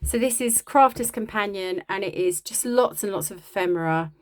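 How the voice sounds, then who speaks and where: A woman's voice: mid-range voice, normal speed. Woman, casual show-and-tell, chatty, rambling. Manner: chatty, rambling, self-deprecating. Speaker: crafting vlogger.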